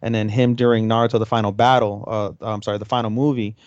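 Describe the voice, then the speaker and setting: A man's voice: on the low side, fast, dry recording, dull audio. Man animatedly recapping an episode. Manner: animated retelling, acting out characters' lines. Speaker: podcast co-host.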